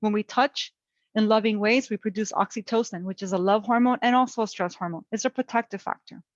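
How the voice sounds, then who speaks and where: A middle-aged woman teaching a parenting webinar, gentle and coaching in tone, talking through calm self-talk. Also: mid-range voice, brisk, dry recording, lo-fi sound. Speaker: parent educator.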